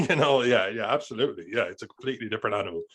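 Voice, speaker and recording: A man co-hosting a podcast, chatting casually and joking in a quick, rambling way. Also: on the low side, animated, a bit bright, husky. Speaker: podcast co-host. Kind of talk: casual chat.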